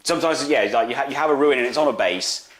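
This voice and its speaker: A man's voice: mid-range voice, racing, a bit bright. A man playing a tabletop wargame, chatting in an easygoing way and laughing often. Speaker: opponent player. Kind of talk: casual chat during a tabletop game. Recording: roomy echo.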